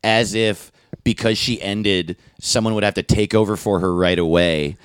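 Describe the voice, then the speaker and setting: A man's voice: lowish voice, steady tone, moderate pace, smooth, no room sound, clean studio sound. A man co-hosting a comedy podcast, telling a story in a loose, self-deprecating way. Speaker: podcast co-host.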